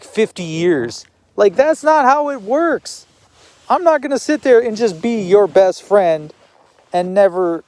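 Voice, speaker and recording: A man's voice: high-pitched, darkish tone, dry recording. A man talking to the camera in a rambling personal monologue, repeating words and swearing now and then.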